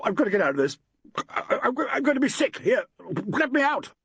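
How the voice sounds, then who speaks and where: A man's voice: very high-pitched, big pitch swings, fairly quick, vocal fry, a bit bright, husky, dry recording, dull audio, pitched above the performer's own voice, heavily acted. A man doing a choked, stammering panicky man. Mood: panicked.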